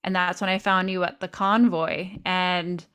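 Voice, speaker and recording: A woman interviewer chatting casually, a lively storyteller who acts out her own quotes in a higher voice. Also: measured pace, clean tone. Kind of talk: casual conversation.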